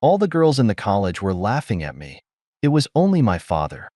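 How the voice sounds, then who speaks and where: An earnest young college girl speaks her mind plainly, her voice rising and falling with plenty of life, played by a man reading aloud. The delivery is direct and a little indignant, with a soft low edge from the reader. It sounds dry and close, with no room around it. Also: huge pitch swings, brisk, no room sound. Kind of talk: audiobook character voice.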